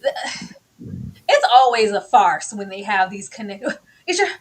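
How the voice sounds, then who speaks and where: A woman's voice: mid-range voice, measured pace, slightly rough. A woman co-hosting a casual live-streamed recap, theatrical and incredulous, slipping into mimicked voices. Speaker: podcast co-host.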